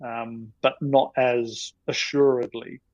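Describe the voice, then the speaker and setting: A man's voice: mid-range voice, level tone, slow pace, vocal fry, a little mellow, no echo, muffled recording. A man, a storyboard artist telling stories on a podcast in a rambling, self-deprecating way. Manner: rambling, self-deprecating, many ums and you-knows.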